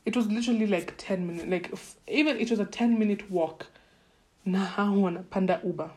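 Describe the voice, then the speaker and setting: A young woman from Kenya with a Kenyan accent, telling personal stories in a casual, animated way and acting out her own reactions. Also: mid-range voice, brisk. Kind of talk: casual storytelling.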